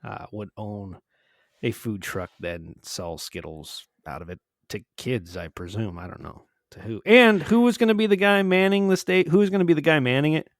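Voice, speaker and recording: A man co-hosting a podcast in casual chat, reminiscing, laughing often and acting out quotes loudly. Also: medium pitch, lively intonation, moderate pace, dry recording, clean studio sound. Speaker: podcast co-host.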